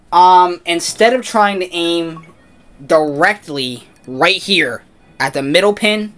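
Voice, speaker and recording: A young man playing a motion-controlled bowling game and commenting at his desk at home, excitable and often breaking into screams and shouts. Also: on the high side. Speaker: gaming video creator. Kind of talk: excitable let's-play commentary. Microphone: desk mic, camera off.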